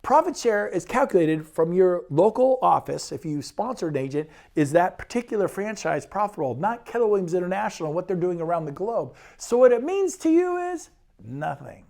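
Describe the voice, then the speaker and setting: A man, a real estate broker, giving an enthusiastic and persuasive sales pitch presentation. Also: sing-song, creaky, a little mellow. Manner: enthusiastic, persuasive, rapid lists.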